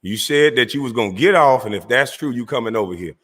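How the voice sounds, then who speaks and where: A man's voice: medium pitch, lively intonation, quick pace, fairly bright tone, long reverb tail. A man hosting his own livestream, delivering a heated, mocking call-out aimed straight at a rival. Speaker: livestream host. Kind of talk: confrontational call-out rant.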